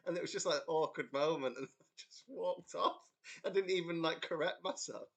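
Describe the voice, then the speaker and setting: A young band member from England runs a casual livestream, spinning a rambling tale punctuated by frequent laughs and reading viewers' comments aloud. His husky voice leans high and keeps a normal pace, picked up by a computer mic.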